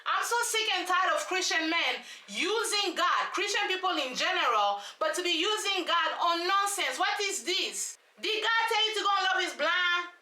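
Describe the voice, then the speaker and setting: A woman, ranting through an animated, slangy recap of a reality show with lots of rhetorical questions. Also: very high voice, moderate pace, few pauses. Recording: echoey room.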